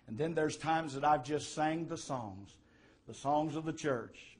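A man's voice: on the high side, normal speed. Emphatic preacher man. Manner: preaching with rising, emphatic swells and quieter asides. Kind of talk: sermon.

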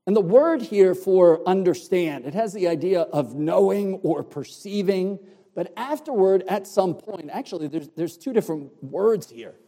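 A man preaching an expository sermon, explaining the Greek words of a passage with deliberate emphasis. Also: sits high, lively intonation, dark tone. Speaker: pastor. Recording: long hall reverb.

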